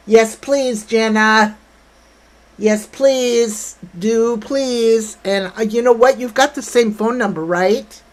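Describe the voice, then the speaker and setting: A woman's voice: a little high, a little slow, low-quality recording. An older woman hosting a casual livestream, blunt and brash, chatting with viewers and reading their comments. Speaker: livestream host.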